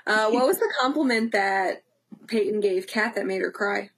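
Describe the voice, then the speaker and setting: A woman's voice: mid-range voice, moderate pace. A woman hosting a casual interview, gushing and enthusiastic as she asks questions. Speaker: host.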